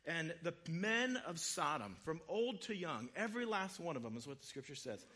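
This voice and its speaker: A man giving a sermon, retelling scripture stories in a casual, conversational way with quick voiced asides. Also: fairly high pitch, very animated, sharp tone. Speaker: preacher.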